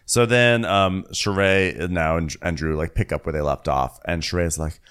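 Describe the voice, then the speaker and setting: A man co-hosting a casual reality TV recap podcast, telling the story with animated flair and jumping into mock voices for the quotes. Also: low voice, normal speed, smooth. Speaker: podcast co-host.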